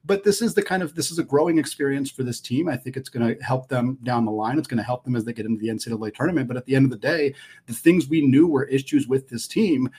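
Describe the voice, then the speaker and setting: A man's voice: mid-range voice, quick pace, a little mellow, slightly rough. A man co-hosting a sports podcast, analysing college basketball in a casual, thinking-aloud way.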